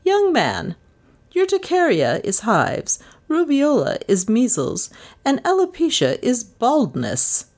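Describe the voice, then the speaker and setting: A woman's voice: on the high side, big pitch swings, darkish tone, voice pushed up. A woman playing an imperious old spinster. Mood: accusing. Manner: brisk, commanding, accusing. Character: imperious elderly spinster lady, sharp and suspicious.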